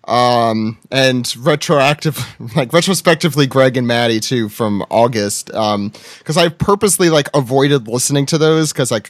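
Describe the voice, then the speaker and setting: A man's voice: mid-range voice, no echo, studio quality. A man hosting a casual podcast chat, rambling with lots of fillers and laughs, and swearing freely. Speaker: podcast host.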